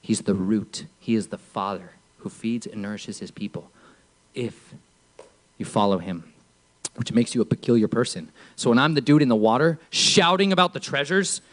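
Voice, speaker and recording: A man preaching from a church stage, emphatic, swinging from low murmurs to shouts. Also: moderate pace. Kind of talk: sermon.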